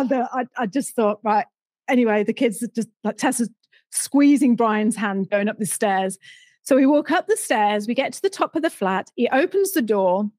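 British woman, middle-aged, high bright register, animated storyteller, dry booth sound. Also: fairly quick, no echo. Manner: animated, laughs often, acts out voices in quotes. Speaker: guest storyteller. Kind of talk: casual anecdote telling.

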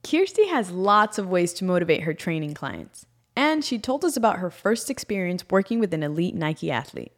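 A woman hosting the segment, reading scripted narration between interview clips with a bright presenter delivery. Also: lowish voice, very animated, moderate pace. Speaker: show host and narrator.

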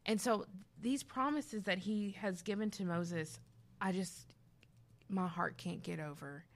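A woman co-hosting a casual faith talk, telling lively stories and acting out what people said. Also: medium pitch, unhurried. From grew up youngest of five. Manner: animated storytelling, acting out quotes. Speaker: podcast co-host.

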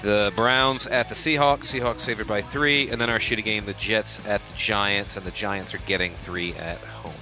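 A man hosting a casual sports podcast, running briskly through the week's matchups with loose, profane banter. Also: fairly low pitch, steady tone, music in the background. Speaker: podcast host reading the game lines.

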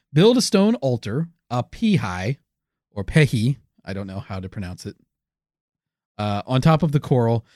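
A man's voice: mid-range voice, a little mellow, dry recording, studio quality. A man co-hosting a comedic history podcast, telling the story with wry, teasing asides. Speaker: podcast co-host.

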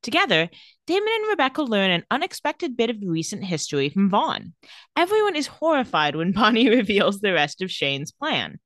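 Lively bright-voiced young woman. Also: mid-range voice, moderate pace, no echo, clean studio sound. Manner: lively, laughs often, acts out quotes. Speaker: podcast co-host. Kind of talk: casual recap chat.

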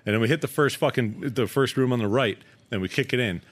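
A man's voice: medium pitch, fast. A man co-hosting a podcast, telling crude stories in casual chat with heavy swearing and laughter. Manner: profane, animated, laughing storyteller. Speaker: podcast co-host.

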